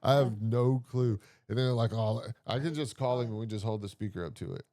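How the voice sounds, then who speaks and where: A man's voice: medium pitch, fairly quick, mellow, dry recording, clean studio sound. A man co-hosting a comedy podcast, joking crudely with restarts and frequent laughter. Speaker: podcast co-host. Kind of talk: crude casual banter.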